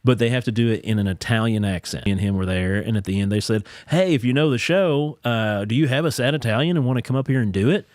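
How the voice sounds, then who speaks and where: A man hosting a podcast, telling a story in casual chat and jumping into quick impressions of other people. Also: medium pitch, no room sound. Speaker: podcast host.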